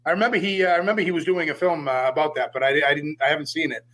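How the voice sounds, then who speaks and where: A man's voice: on the high side, steady tone, racing, fairly bright tone, low-quality recording. A man from Boston, a podcast guest, talking casually with lots of fillers and swearing. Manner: hesitant, many fillers, swears. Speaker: podcast guest, metal vocalist. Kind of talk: casual chat.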